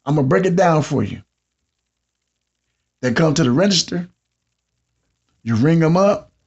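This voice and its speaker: A man with a Southern US accent hosting a podcast, telling comedic stories about his job and mimicking customers in an animated way. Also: on the high side, measured pace, creaky, breathy edge. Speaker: podcast host. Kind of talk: comedic monologue. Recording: dull lo-fi sound.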